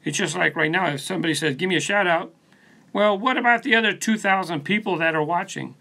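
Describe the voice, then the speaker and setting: Gravelly, bright-voiced man chatting loosely. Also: sits high, fast talker. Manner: laid-back, rambling, answers viewers by name. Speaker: channel host. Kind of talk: casual live stream chat reading comments. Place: his studio. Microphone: phone on a post.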